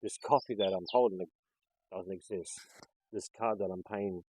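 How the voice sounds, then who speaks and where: A man with an Australian accent telling an exasperated, animated story to his vlog audience. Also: low voice, normal speed, slightly rough, no echo, poor audio. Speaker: vlogger.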